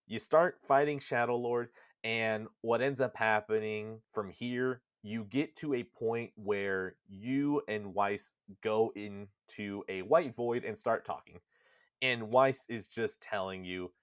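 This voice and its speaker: A man's voice: on the low side, slow, no room sound, clean studio sound. A man co-hosting a podcast, animatedly retelling a video game's story, swearing casually and slipping into character voices. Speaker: podcast co-host. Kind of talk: casual retelling of a game plot.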